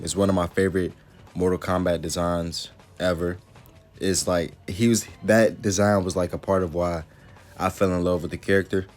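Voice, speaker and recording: Laid-back deep-voiced man rambling casually. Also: darkish tone. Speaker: YouTuber. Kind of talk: casual video commentary.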